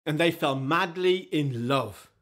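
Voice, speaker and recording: A man telling a folk tale to children in a lively, animated way, inviting the audience to join in with voices and sounds. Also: on the high side, unhurried. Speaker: storyteller. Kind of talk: interactive children's storytelling.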